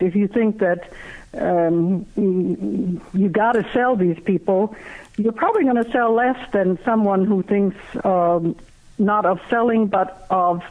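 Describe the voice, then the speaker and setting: A guest author speaks slowly and pauses often, stopping and restarting sentences. The voice comes through a tinny phone line with a thin, narrow sound. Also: mid-range voice. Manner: halting, many fillers and restarts. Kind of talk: interview answers.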